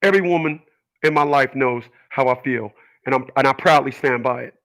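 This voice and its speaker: A man's voice: mid-range voice, fairly quick, fairly bright tone, rough recording. A middle-aged man hosting his channel, speaking earnestly and emphatically in a personal monologue to his viewers. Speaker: channel host.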